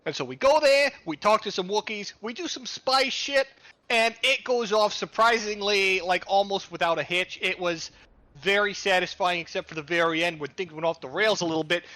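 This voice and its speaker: High, bright-voiced man recapping a game. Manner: rambling and profane, laughing at himself. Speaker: player. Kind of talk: casual recap of a game session.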